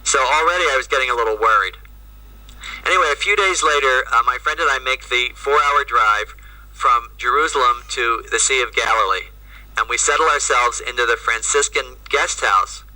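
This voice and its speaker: A man gives a lively, humorous talk full of asides. His voice is very bright and carries sharply. He sounds distant, as if coming in over a video call. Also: medium pitch, moderate pace, no echo. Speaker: Jesuit priest and speaker. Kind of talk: anecdotal storytelling talk. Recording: distant, remote audio.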